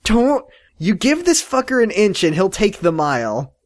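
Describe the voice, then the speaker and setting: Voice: mid-range voice, sing-song, moderate pace. A podcast co-host recapping a TV episode in casual chat, sarcastic and joking.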